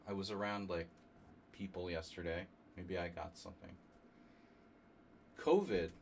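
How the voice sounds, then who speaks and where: A man from New Jersey streaming a chess simul, thinking aloud in a halting, casual way and coughing now and then. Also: sits low, fairly even intonation, vocal fry, a little mellow, a little hiss or hum. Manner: halting, muttering through chess moves with fillers.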